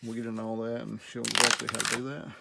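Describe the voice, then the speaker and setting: A middle-aged man with a Southern US accent, casually demonstrating guitar care in a relaxed, rambling way while he works. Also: medium pitch, fast talker, creaky, heavy background noise. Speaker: guitar repair instructor.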